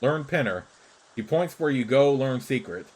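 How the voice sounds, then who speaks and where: A man's voice: medium pitch, animated, normal speed, darkish tone, a little hiss or hum, natural voice, low-quality recording. A man reading a shrewd wandering creature gossip. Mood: matter-of-fact. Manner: broken, clipped pidgin speech.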